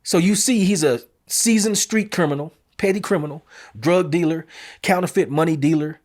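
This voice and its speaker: A man's voice: a little high, moderate pace. A man hosting an opinion commentary show, talking bluntly and emphatically in casual street phrasing. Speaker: show host.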